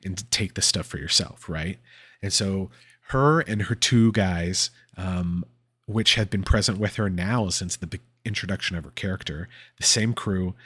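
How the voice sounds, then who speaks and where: A man's voice: deep voice, a bit bright, breathy edge. A man hosting a podcast, casually recapping a comic book and rambling with fillers and laughs. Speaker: podcast host.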